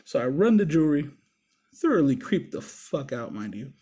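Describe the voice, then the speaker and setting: Rich: A husky, mellow-toned man spins a casual story, swearing freely and acting out the back-and-forth in lively bursts. His voice sits a little high for a man, and the delivery is loose and conversational. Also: moderate pace. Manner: profane, animated, acts out the dialogue. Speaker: body piercer and show host.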